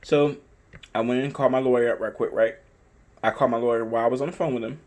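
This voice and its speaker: A man, casually telling a story in a vlog, animated and emphatic, with lots of cursing and repeated phrases. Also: mid-range voice, rapid-fire. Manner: animated, profane, emphatic retelling; repetitive, conversational phrasing. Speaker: dog owner telling a story.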